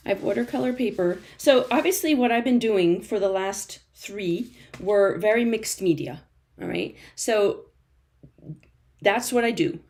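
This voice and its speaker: Demonstrating art journaling live from a studio, the woman stays chatty and encouraging, laughing frequently and replying to comments as she crafts. She speaks in a mid-range, a little mellow voice.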